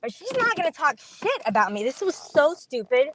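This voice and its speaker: Middle-aged woman ranting through a storytime vlog, high voice, bounces all over, acts out every line. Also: normal speed, background noise. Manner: animated, indignant, acts out quoted voices. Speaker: vlogger telling a story. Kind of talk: casual storytime monologue.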